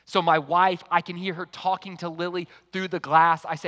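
A man preaching a sermon to an online congregation, telling a personal story in a lively, conversational way. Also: high voice, normal speed, hardly any pauses. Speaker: pastor. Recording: long hall reverb.

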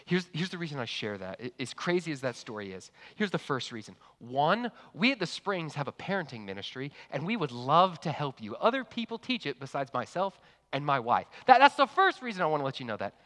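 A man, preaching a sermon and telling a story, animated, with loud excited bursts and quiet hushed asides. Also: a little high, fairly quick. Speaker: pastor. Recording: long hall reverb.

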